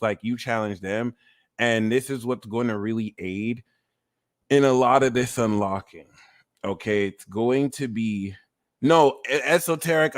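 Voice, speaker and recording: A man hosting a casual astrology livestream, talking about himself in an animated, profane and self-mocking way, often laughing at himself. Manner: animated, swings into high squeaky mock voices and self-mocking rants. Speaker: astrology reader and streamer.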